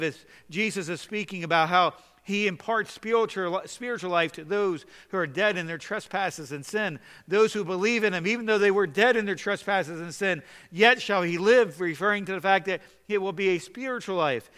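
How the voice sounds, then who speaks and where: Earnest preacher with a high, bright voice. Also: male voice, normal speed, big-room sound. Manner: earnest, swings between loud exhortation and quiet questioning. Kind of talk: sermon.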